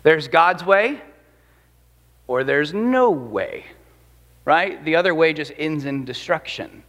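Taking his time, a pastor with a fairly high voice delivers a sermon under a long reverb tail. He stays animated and conversational, often asking his listeners questions.

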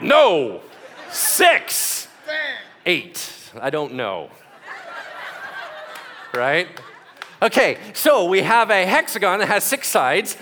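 A man preaching a sermon as a pastor in a church, animated, moving between loud bursts and hushed asides as he acts out prayers. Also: mid-range voice.

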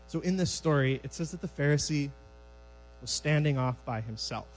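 Animated conversational male preacher. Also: a little high, normal speed, a little hiss or hum, rough recording. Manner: conversational, animated acting-out of scripture. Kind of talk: sermon. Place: church sanctuary.

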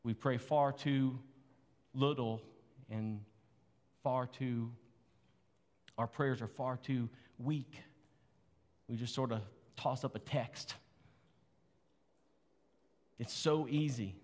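A man's voice: mid-range voice, steady tone, slow pace, pauses often, darkish tone. Conversational preaching man in an echoey hall. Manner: earnest, conversational preaching with rhetorical questions. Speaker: pastor. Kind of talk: sermon.

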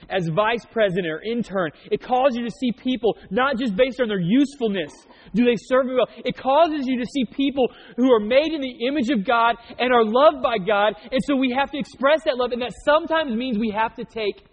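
A man preaching a sermon as pastor, joking and telling stories in a conversational way. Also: sits high. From Oklahoma. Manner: conversational storytelling with jokes. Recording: muffled sound in a reverberant hall.

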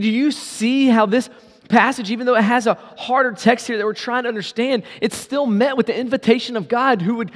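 High-voiced pastor preaching in a reverberant hall. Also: male voice. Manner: pleading, rising to loud appeals then dropping low. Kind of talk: sermon.

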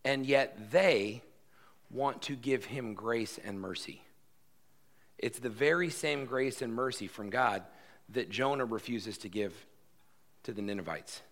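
A man's voice: medium pitch, unhurried, a bit bright. A man preaching a sermon as pastor, emphatic and conversational, acting out quoted lines.

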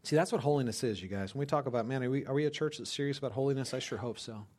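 A man preaching a sermon to his church, addressing the congregation directly as "you guys". He swings from loud, emphatic lines to hushed, almost whispered ones. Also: mid-range voice, very fast. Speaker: pastor.

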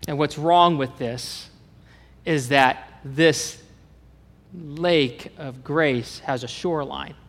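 A man from Kansas with a Kansas accent preaching a sermon as pastor, animated and asking the congregation questions. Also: a little high, takes it slowly, long reverb tail.

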